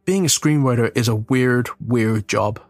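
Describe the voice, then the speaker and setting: A man chatting over a movie as a podcast co-host, mid-pitched and easygoing. He rambles, laughs at himself and swears freely. His voice sits close and dry, with no room echo. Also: unhurried, soft background music. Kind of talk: casual film commentary chat.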